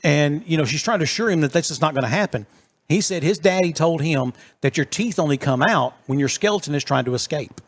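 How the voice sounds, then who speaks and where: Man telling an animated story. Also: a little high, brisk. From East Texas. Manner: animated storyteller acting out quotes. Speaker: podcast co-host. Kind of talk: casual storytelling chat.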